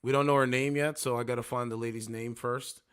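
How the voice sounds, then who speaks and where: A man's voice: medium pitch, fairly even intonation, a little fast, clean tone. A man hosting a casual livestream, reacting to clips with incredulous, mocking commentary and talking to his viewers. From Canada. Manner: incredulous, mocking, talks to chat. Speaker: livestream host.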